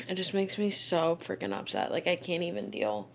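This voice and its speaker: A woman's voice: fairly low pitch, big pitch swings, normal speed, slight background noise. A young woman vlogging casually, rambling in frustration with many fillers, close to tears and short of breath. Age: young adult. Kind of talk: casual vlog chat.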